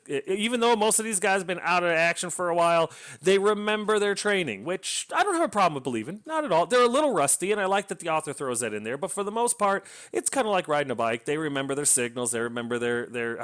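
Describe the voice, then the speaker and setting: A man's voice: fairly high pitch, fairly bright tone. Male book reviewer, casual rambling delivery, lots of restarts, eager tone. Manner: rambling, frequent restarts and filler, enthusiastic.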